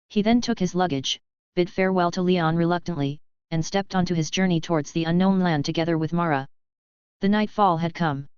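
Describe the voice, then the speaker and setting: A woman narrating a fantasy audiobook in a steady, even reading. Her voice is low-pitched and very clear. The audio is dry and slightly dull, with no room sound. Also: no echo. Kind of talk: scripted narration.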